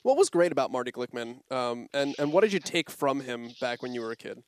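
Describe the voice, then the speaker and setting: A man's voice: medium pitch, big pitch swings, a little fast. A man interviewing a guest, asking brief, plain follow-up questions.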